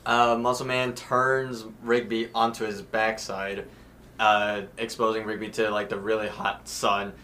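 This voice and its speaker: A man on a casual podcast with a lowish, bright, forward voice. He retells the story in a steady, matter-of-fact way. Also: unhurried, a little hiss or hum. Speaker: podcast co-host. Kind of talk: casual episode recap chat.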